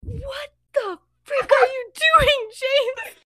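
A woman voicing a quick-tempered young woman with an incredulous, exclaiming manner while retelling a story. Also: very high voice, sing-song, fairly bright tone, no room sound, clean studio sound, pitched above the performer's own voice, heavily acted. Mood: outraged.

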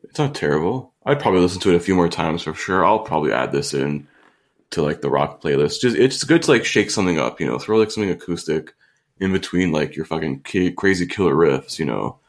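A man's voice: deep voice, sing-song, a little fast, creaky. A young man co-hosting a podcast, rambling casually through a song review with lots of fillers. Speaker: podcast co-host. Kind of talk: casual music review chat.

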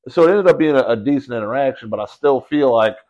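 Slangy animated male storyteller. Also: medium pitch, fast talker, muffled recording. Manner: animated storyteller, slangy, says bro and dude. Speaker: podcast guest telling a hunting story. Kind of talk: casual chat.

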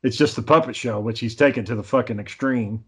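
Man, casual chat, rambling stories, lots of swearing, mid-pitched voice. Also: brisk, slightly rough. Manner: rambling storyteller, heavy swearing. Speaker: amateur filmmaker.

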